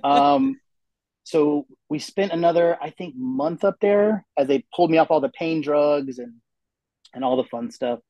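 A man's voice: a little high, measured pace, warm tone, no room sound, dull audio. A man telling a personal story in casual conversation, acting out the people he quotes. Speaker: guest telling his story.

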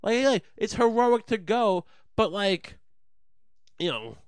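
A man's voice: high-pitched, sing-song, slow, clear, resonant tone, dry recording. A man delivering a heated, profane rant, often mocking others in sarcastic voices. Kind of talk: ranting monologue.

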